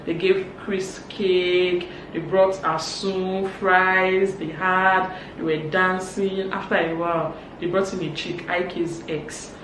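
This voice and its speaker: A woman with a Nigerian accent giving a casual gossip recap, animated and acting out quotes. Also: slow, hardly any pauses. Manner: animated, acts out quotes in higher voices. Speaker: vlogger. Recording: roomy, distant mic, faint hum.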